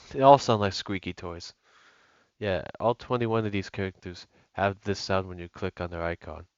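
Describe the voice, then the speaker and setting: Speaking at normal speed in a deep voice, a young gaming YouTuber offers rambling, casual gameplay commentary packed with fillers and restarts. Music and mains hum run through the lo-fi recording.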